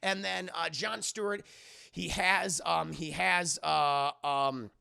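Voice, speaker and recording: A man's voice: a little high, steady tone, slow, creaky, pushed and bright, smooth. A man streaming live, recapping a film in a rambling, profane way and talking straight to his chat.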